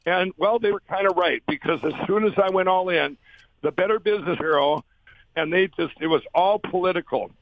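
A company founder, appearing as an interview guest, tells his story in an earnest, rambling way and acts out the voices he quotes. He talks a little fast, and the recording is dull, dry, and low-fi with no echo.

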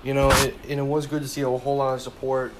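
A man's voice: mid-range voice, level tone, quick pace, heavy background noise. A twenty-year-old man ranting casually about a football game, heated, swearing often and repeating himself as he rambles. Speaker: sports fan vlogger.

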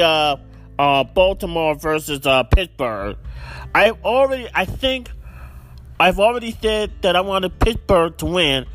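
A man's voice: high-pitched, a bit bright. A man hosting a solo football picks podcast, ranting in exasperation and repeating himself. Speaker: podcast host.

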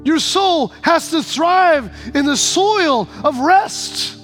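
High-voiced preacher. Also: male voice, expressive, slow pace, a bit bright, faint music behind. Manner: emphatic, repeating phrases, stammering restarts. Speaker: pastor. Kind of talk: sermon.

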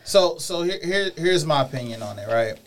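A man's voice: a little high, animated, moderate pace, slight background noise. A man co-hosting a casual group chat, joking and repeating words as he stumbles.

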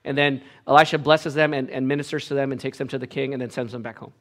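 A man preaching a sermon, retelling a Bible story in a casual, animated way, acting out the characters' voices with big swings from hushed to loud. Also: mid-range voice, fast talker. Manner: casual asides and filler restarts. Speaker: pastor.

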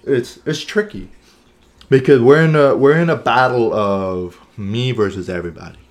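A man co-hosting a podcast chats casually in a mid-range voice at moderate speed, earnestly talking things through and often adding "right?" and "you know what I'm saying?"

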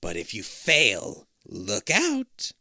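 A man doing a booming monster queen. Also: wildly swooping pitch, sharp tone, no echo, clean studio sound, heavily acted. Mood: commanding. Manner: slow, booming, theatrical menace. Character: monstrous old female Queen creature, menacing.

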